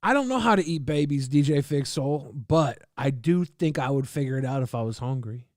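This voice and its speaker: A man streaming casually, reading and answering chat in a loud, profane, combative rant. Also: medium pitch, animated, moderate pace, no room sound, clean studio sound.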